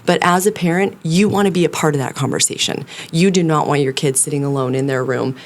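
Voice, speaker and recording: Woman therapist guest, low voice, earnest and explanatory, tends to ramble. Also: fast. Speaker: licensed clinical social worker, guest. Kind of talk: casual podcast conversation.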